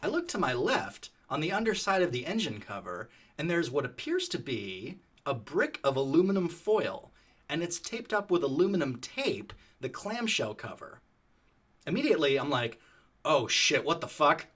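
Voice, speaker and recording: A man narrating a story in a casual, animated, profane conversational way. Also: a little high, moderate pace, breathy edge.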